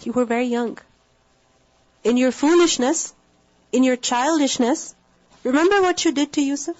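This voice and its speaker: A woman giving a measured, explanatory Quran lesson, reciting Arabic verses and explaining them. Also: high voice, a little mellow. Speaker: Quran teacher. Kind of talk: tafsir lecture. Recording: dull lo-fi lecture recording.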